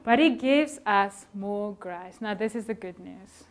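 A middle-aged woman preaching a conversational sermon in a church, animated and chatty, acting out little scenes and sometimes dropping her voice to a near whisper. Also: mid-range voice, measured pace. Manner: animated, conversational, acts out voices in quotes, drops to a whisper at times.

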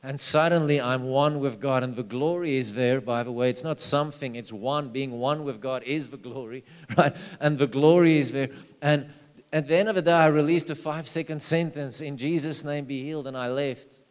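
Preacher in an echoing hall. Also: male voice, moderate pace, clear, resonant tone. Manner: storytelling, swings from loud urging to low hushed asides. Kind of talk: sermon. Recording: long hall reverb.

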